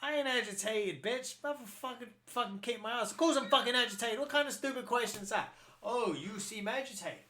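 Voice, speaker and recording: A man doing a mocking, furious, foul-mouthed Darth Vader who shouts and swears. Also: high-pitched, fairly quick, pitched above the performer's own voice. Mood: furious ranting. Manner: ranting, swearing, shouting in mock outrage.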